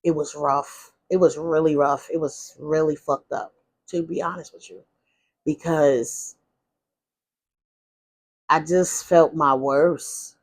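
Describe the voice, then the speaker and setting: A woman's voice: sits low, steady tone, takes it slowly, pauses often, breathy edge. Woman, vlogger, candid storytelling, rambling, frank, self-correcting. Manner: rambling and frank, with many restarts and asides. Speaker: vlogger telling her life story.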